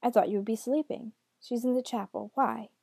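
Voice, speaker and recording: A woman's voice: on the high side, fairly even intonation, a little fast, creaky, mellow, breathy edge, dry recording, studio quality. A woman voicing a king and father who sounds startled and pleading. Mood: puzzled.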